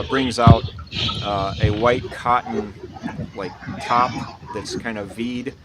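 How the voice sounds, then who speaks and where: A man narrating as dungeon master, explaining rules in a relaxed, rambling way with many fillers. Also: medium pitch. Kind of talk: narrating a tabletop game. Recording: loud background noise.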